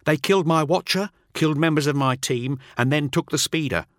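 A man voicing a fearful, pleading male warrior underling in a high, strained voice. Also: fairly quick, fairly bright tone, dry recording, studio quality, close to an everyday voice.

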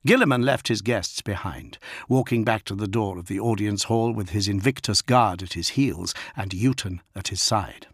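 A man narrating an audiobook in an expressive storytelling manner. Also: fairly low pitch, normal speed, few pauses, breathy edge, no room sound, studio quality. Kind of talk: scripted narration.

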